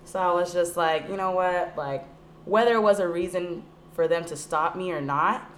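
Young woman with a low, deep voice, telling a story with heavy swearing over faint hiss. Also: normal speed. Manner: profane, animated storytelling with acted quotes. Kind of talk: casual chat.

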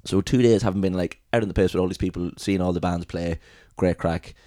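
Irish man, low voice, quick rambling storyteller, swears a lot, dry close sound. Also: fairly even intonation, warm tone, no echo. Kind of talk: casual chat.

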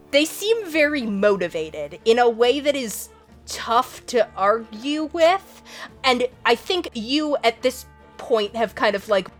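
A young woman running a tabletop game as game master, relaxed and full of ums as she describes the scene. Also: fairly high pitch.

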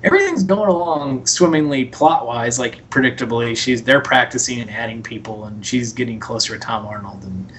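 A man's voice: mid-range voice, brisk, few pauses, fairly bright tone, a little hiss or hum. A man co-hosting a podcast, casually recapping a movie and acting out lines from its scenes. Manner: rambling, retells scenes in quoted voices. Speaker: podcast co-host.

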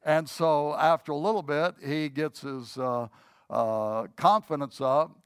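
A man's voice: a little high, unhurried, smooth, no room sound, studio quality. A man preaching a sermon in a casual, conversational way, with frequent fillers and restarts as he tells a story. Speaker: pastor. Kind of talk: sermon with a told joke story.

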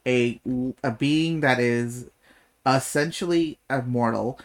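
A man talks through a book's plot on a podcast in a casual, animated way. He leans on sarcasm, laughs easily and swears freely while recapping. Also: medium pitch, slow pace. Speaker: podcast co-host. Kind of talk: casual book discussion.

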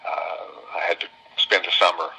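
A man's voice: deep voice, little pitch movement, normal speed, gravelly, bright, forceful tone, breathy edge, rough recording. A man telling homespun stories to visitors in a folksy way, often repeating phrases for emphasis. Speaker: business owner speaking to visitors. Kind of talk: folksy storytelling talk.

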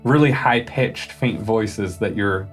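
A man's voice: fairly low pitch, takes it slowly, faint music behind. A man running a tabletop game as game master, describing the scene in a loose, casual way with fillers and restarts. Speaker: game master and podcast host.

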